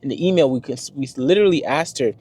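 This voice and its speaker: A man's voice: mid-range voice, fast. A young man and first-time father telling a story to the camera in a casual, slangy vlog style. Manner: slangy, conversational, animated retelling.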